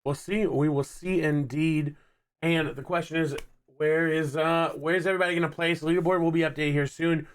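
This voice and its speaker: A man's voice: a little high, steady tone, moderate pace, clear, resonant tone. A man casting a live esports tournament in a laid-back, joking way, with a Texan accent. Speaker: esports caster. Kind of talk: live game commentary.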